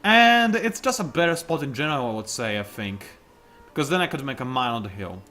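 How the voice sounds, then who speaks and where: A man's voice: medium pitch, expressive, fairly quick, pushed and bright, faint music behind. A young man giving casual, self-mocking commentary while playing a strategy game, with sudden outbursts at his opponents. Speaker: gaming YouTuber.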